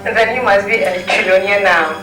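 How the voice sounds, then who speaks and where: A woman's voice: mid-range voice, moderate pace, sharp tone, far from the mic, close to an everyday voice. A Ghanaian woman playing a TV talk-show host, formal with hesitant fillers. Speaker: TV presenter. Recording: roomy audio from afar over music.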